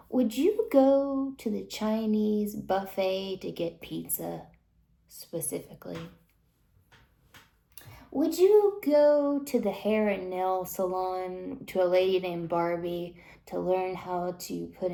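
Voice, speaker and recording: A woman with a gravelly, mellow voice rants indignantly to her viewers. She keeps dropping into hushed, whispered asides. Her voice carries a roomy echo. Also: fairly low pitch, takes it slowly. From United States. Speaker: vlogger. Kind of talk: ranting monologue to camera.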